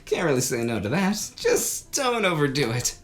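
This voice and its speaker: Theatrical woman streamer, lively swings. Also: low voice, moderate pace, background noise. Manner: theatrical, bursts into laughing shouts. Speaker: game streamer. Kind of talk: reading a visual novel aloud with commentary.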